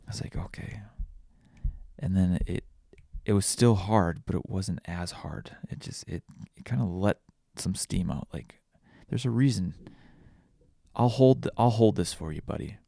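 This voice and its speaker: A man's voice: low voice, measured pace, vocal fry, warm tone, no room sound, studio quality. A man hosting a casual solo podcast, rambling and self-deprecating with crude jokes. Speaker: podcast host.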